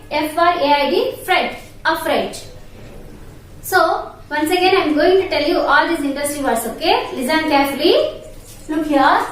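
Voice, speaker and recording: A woman's voice: high-pitched, a bit bright. A woman with an Indian English accent teaching an online English class to young children, spelling each word letter by letter and repeating it. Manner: slow, spells words letter by letter and repeats them. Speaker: primary school English teacher. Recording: echoey room, distant mic, faint noise.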